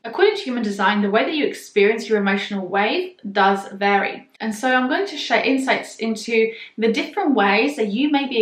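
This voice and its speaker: Higher-pitched woman teaching in an echoey room. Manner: calm, explanatory, addresses viewer directly. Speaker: human design teacher. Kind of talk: explanatory video lesson.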